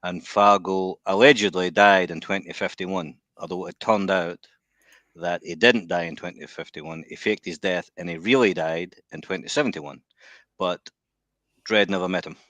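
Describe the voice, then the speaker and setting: A man's voice: low voice, normal speed, fairly bright tone, dry recording. A man co-hosting a casual film review chat, who laughs often and explains comic book background. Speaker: podcast co-host.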